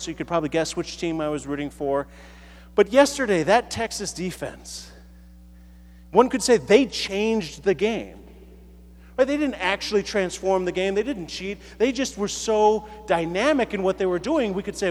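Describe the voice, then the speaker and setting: A high-pitched man gives a loose, chatty sermon as a parish priest, often tagging his points with a quick question. His voice rings out through a large church with a long echo. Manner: casual, many fillers and tag questions. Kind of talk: conversational sermon. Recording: reverberant church hall.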